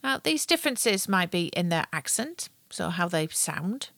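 Clear, teacherly woman podcast host. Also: on the low side, very animated, unhurried, fairly bright tone, no echo, studio quality. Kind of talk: scripted podcast narration and casual chat. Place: back garden.

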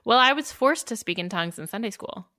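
A woman's voice: fairly high pitch, animated, fast talker, pushed and bright, dry recording, studio quality. A woman co-hosting a podcast, chatting casually with many fillers and easy laughter. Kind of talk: casual chat.

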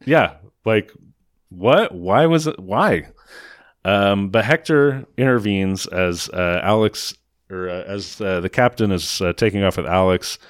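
A man's voice: on the low side, unhurried, no echo, clean studio sound. A man recapping a film in casual chat, sarcastic and mocking, often slipping into put-on voices to quote lines. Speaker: podcast host recapping a film.

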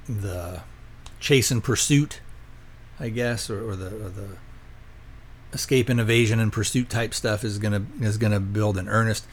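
A man's voice: lowish voice, slight background noise. A man hosting a podcast, casually retelling a movie plot in a rambling way, often stopping to correct himself. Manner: rambling, self-correcting, conversational. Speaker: podcast host reviewing a movie. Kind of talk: casual spoken plot recap.

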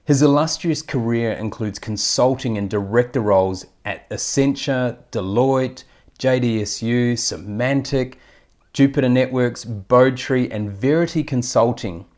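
A man's voice: mid-range voice, unhurried, darkish tone. A man with an Australian accent, a podcast host reading a formal introduction and asking interview questions.

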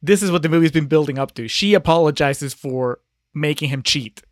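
A man's voice: fairly high pitch, brisk, no echo, clean studio sound. A man on a podcast chatting casually about a movie, adding wry asides and filling in plot details. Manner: wry asides, light laughter. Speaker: podcast co-host. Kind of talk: casual movie recap chat.

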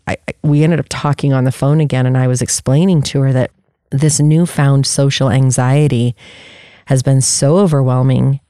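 Candid, warm-voiced podcast host. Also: medium pitch, clean tone, no echo, studio quality. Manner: candid, searching, with frequent restarts. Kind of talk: personal reflective talk.

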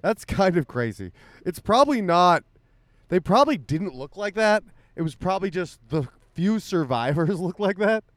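A man's voice: high-pitched, big pitch swings, moderate pace, no room sound. A man co-hosting a casual comedic podcast, crude and self-deprecating as he jokes around. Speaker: podcast co-host. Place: home podcast setup in Austin.

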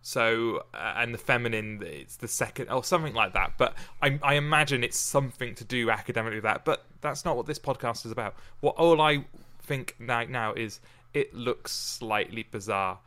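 A man hosting a casual podcast, reading a sonnet in a measured way and then chatting about it with many restarts. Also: medium pitch, bright, forceful tone. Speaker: podcast host.

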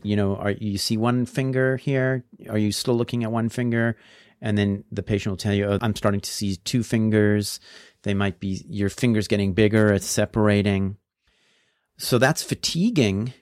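A male neurologist walking through bedside tests step by step in a brisk, explanatory manner. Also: fairly low pitch, no echo, studio quality. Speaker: neurologist, guest doctor. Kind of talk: clinical explanation in an interview.

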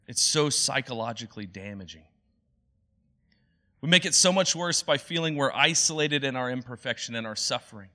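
A man's voice: medium pitch, pushed and bright. A young adult man preaching a sermon as a pastor, in an earnest, conversational way. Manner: earnest, conversational, acts out quoted voices.

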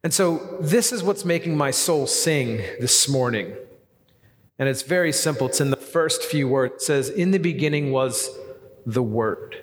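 A man preaching a sermon as pastor, talking in a conversational, animated way with lots of casual fillers. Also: medium pitch, unhurried. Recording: long hall reverb.

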